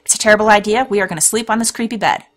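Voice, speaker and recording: A woman speeds through a let's play at a very fast pace, reading a storybook game aloud and tossing in chatty, laughing remarks as commentary. Her voice is mid-range and a bit bright, and faint music sits behind it.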